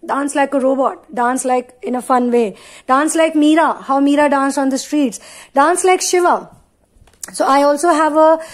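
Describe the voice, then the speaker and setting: A woman's voice: high voice, a little mellow. A woman giving a spiritual channeling talk, speaking in emphatic, repetitive affirmations and casual asides with frequent fillers.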